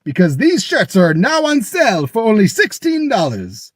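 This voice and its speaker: A man's voice: high voice, huge pitch swings, moderate pace, no room sound, studio quality, pitched above the performer's own voice, exaggerated voice. A man putting on a rowdy leprechaun voice with a put-on brogue for a merch ad, in singsong rhyming patter. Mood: mischievous hawking. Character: rowdy male leprechaun ad pitchman.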